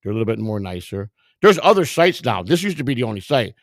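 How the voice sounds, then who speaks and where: A man's voice: fairly low pitch, very animated, fast talker, no echo, clean studio sound. A middle-aged man hosting a vlog, giving casual, rambling, profane commentary in a streetwise way. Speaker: vlog host browsing storage auctions.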